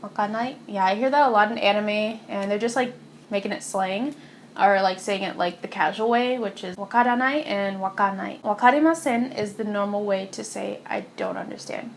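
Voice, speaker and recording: A young woman at home giving a casual phrase lesson, chatty and giggly, saying each phrase slowly and repeating it. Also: medium pitch, a little hiss or hum. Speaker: language teacher vlogger. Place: warm room at home.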